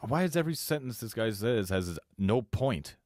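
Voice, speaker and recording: A man's voice: on the low side, lively intonation, moderate pace, darkish tone, dry recording, studio quality. A man co-hosting a casual podcast, mocking a documentary with sarcastic jokes and frequent laughter. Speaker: podcast co-host. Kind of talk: casual mocking commentary over a video.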